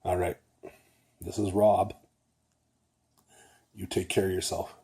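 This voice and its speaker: Husky, low-voiced older man vlogging. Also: level tone, slow pace, dark tone. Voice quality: a little nasal. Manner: rambling, keeps checking in with "okay?". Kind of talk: casual talk to camera.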